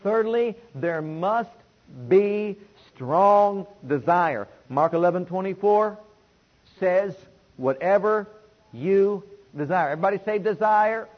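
A man preaching a sermon to a congregation, calling for responses and swinging between loud and hushed delivery. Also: high-pitched, measured pace. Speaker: pastor. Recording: dull lo-fi recording.

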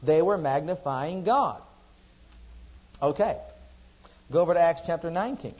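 A man preaching a sermon who asks the congregation questions and swings between loud emphasis and quiet asides. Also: on the high side, animated, moderate pace, husky, dull audio.

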